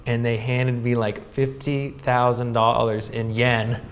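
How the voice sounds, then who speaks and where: A man in his thirties, a guest in a casual interview, telling a story in a lively way with many fillers. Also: medium pitch, unhurried, a little hiss or hum. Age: 30s. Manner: animated, laughing, filler-heavy storytelling. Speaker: guest, pro snowboarder.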